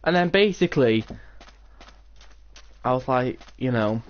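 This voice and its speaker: A man's voice: mid-range voice, lively intonation, unhurried, highs cut off, slight background noise. A teenage boy, chatting casually and rambling while playing a game, with many "like"s. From England. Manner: rambling, storytelling with lots of "like". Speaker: gaming channel host. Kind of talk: casual gameplay chat.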